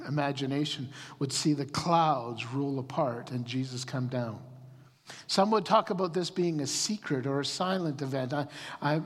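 A man preaching a sermon as pastor, animated, often repeating words as he starts a sentence. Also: on the high side, husky, long reverb tail.

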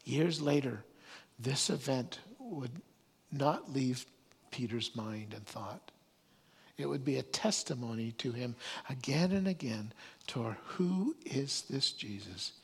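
A man's voice: mid-range voice, animated, slow, slightly rough, long reverb tail. A man preaching a sermon, telling the story earnestly and stumbling over restarts and repeated words.

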